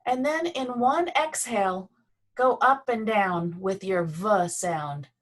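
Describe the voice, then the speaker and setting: A woman teaching a Feldenkrais movement and voice lesson on a video call, guiding slowly and gently with pauses. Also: medium pitch.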